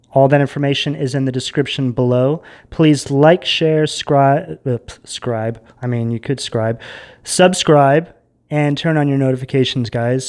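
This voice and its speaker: Casual tarot reader, chats loosely to camera, lots of "like" and "right?", mid-pitched voice, drifts into quiet asides. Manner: chatty and rambling, with many fillers and tag questions.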